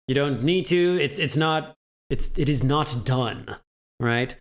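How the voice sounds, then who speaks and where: A man's voice: medium pitch, slow. A man giving a casual video language lesson, chatty and joking, often checking in with "right?". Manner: chatty, laughs at own jokes, asks "right?" often. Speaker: language teacher.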